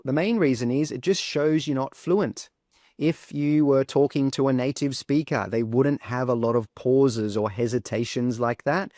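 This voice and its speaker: Guy giving an english lesson, steady mid voice, super dry close mic. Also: medium pitch, no echo. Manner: clear, deliberate teaching delivery with spoken examples. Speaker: English test teacher. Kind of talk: instructional video lesson.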